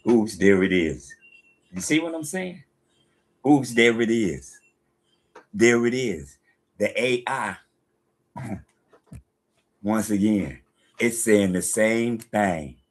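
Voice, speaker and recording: A man with a gravelly, husky voice talks at an unhurried pace in a casual video. He keeps firing skeptical, rhetorical questions at a phone app and argues back with it. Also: fairly low pitch, animated. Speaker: video host. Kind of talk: casual commentary while quizzing a phone app.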